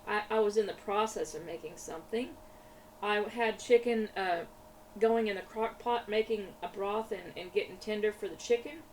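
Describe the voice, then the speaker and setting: A woman's voice: medium pitch, moderate pace, darkish tone. A woman, chatting in a rambling way while she crafts, often laughing and repeating her words. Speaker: craft vlogger. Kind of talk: casual chat while crafting. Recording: slightly distant mic with faint room noise.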